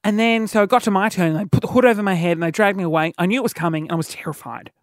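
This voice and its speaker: A man's voice: high-pitched, very fast, no echo, clean studio sound. A man hosting a solo podcast, telling a story in a cheeky, rambling way full of fillers and restarts. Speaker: podcast host.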